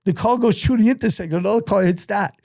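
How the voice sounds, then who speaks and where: Middle-aged New man, mellow dark voice, lively profane storyteller, dry close mic. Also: sits high, fast talker, vocal fry, no room sound. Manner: animated, profane, laughs through his stories. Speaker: interview guest. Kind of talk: casual storytelling.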